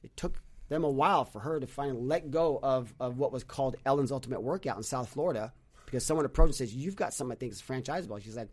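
Man, mid-pitched voice, casual podcast talk, animated storytelling, frequent restarts. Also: fast talker. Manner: animated storyteller with many restarts, acts out quotes. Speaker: podcast guest, business leader.

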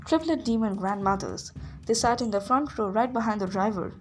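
A woman reading a story aloud in a steady storytelling voice, giving the characters their own voices. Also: mid-range voice, normal speed, a little hiss or hum. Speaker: reader. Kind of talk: audiobook reading.

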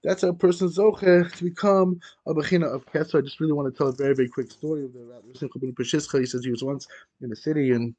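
A man teaching a Torah lesson as a rabbi, talking in an animated way, often repeating himself and restarting phrases. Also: a little high, fast talker, dull audio. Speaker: rabbi teaching a daily class.

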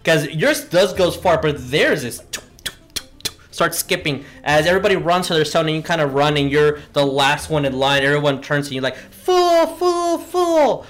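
A man running a tabletop game as game master, narrating in a halting way with many fillers and frequent laughs. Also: on the high side, steady tone, a bit bright.

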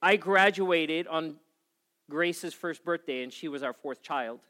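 A man in his forties preaching from the front of a church, his voice sitting a little high for a man. He tells his story in a lively, animated way, acting out his own panic before settling into calm scripture. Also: slow pace. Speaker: pastor. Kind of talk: sermon.

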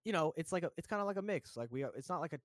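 A man's voice: a little high, rapid-fire, no echo. A young man from the United States chatting casually, rambling with lots of fillers. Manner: relaxed, rambling, many fillers. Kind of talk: casual chat.

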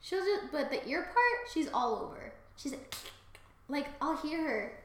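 A woman co-hosting a podcast in casual chat, excitable and sweary, loudly acting out quotes. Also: high-pitched, measured pace, echoey room, slight background noise. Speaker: podcast co-host. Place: home room.

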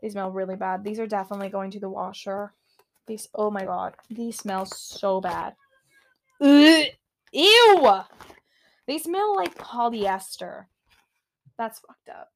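This teenage girl hosts a podcast alone in her small bedroom, speaking at medium pitch and a moderate pace with vocal fry and a slightly mellow quality. Her casual chat is full of swearing and sudden frustrated outbursts.

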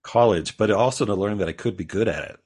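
A man's voice: lowish voice, fast, darkish tone, breathy edge. A man guest on a podcast, telling his own story in a rambling, casual way with frequent restarts and small laughs.

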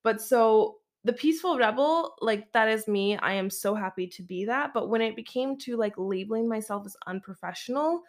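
A woman's voice: medium pitch, brisk, few pauses. Chatty Canadian woman podcast host. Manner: chatty, laughs often, says "like" a lot. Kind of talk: casual solo podcast monologue.

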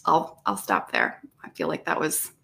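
A woman's voice: deep voice, normal speed, creaky, a little hiss or hum. A woman author on a video call reading aloud from her own novel, with laughing asides. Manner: lively reading with laughs and self-aware asides.

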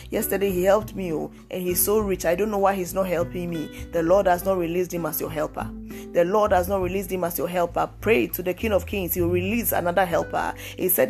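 A woman's voice: on the low side, a little mellow. A woman preaching a devotional podcast sermon, speaking emphatically and repeating key phrases for stress. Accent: African English.

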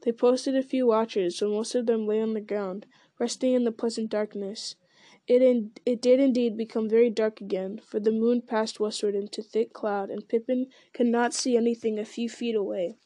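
A woman reading a novel aloud in an even, unhurried way, with the odd small restart. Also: fairly high pitch, no room sound. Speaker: audiobook reader.

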